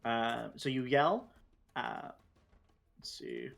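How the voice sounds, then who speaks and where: A man's voice: mid-range voice, takes it slowly, gravelly, over music. A man running a tabletop game as game master, talking loosely with lots of fillers and restarts.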